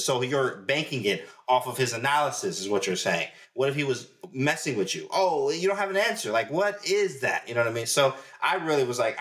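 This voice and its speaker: A man's voice: mid-range voice, expressive, fairly quick, hardly any pauses, fairly bright tone. Slangy, argumentative young-sounding man. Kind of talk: casual chat.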